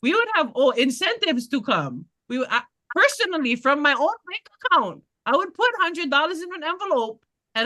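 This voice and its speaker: Woman candidate, punchy bright voice, blunt and fired up at a town meeting. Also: high-pitched, big pitch swings, moderate pace. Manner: passionate, blunt, laughing asides. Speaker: political candidate. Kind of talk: community meeting talk.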